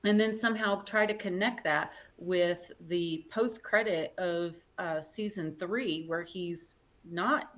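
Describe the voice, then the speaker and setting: A woman's voice: fairly low pitch, takes it slowly, few pauses. A woman guest on a casual live stream chat, talking unhurriedly with fillers and light laughs. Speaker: subscriber guest.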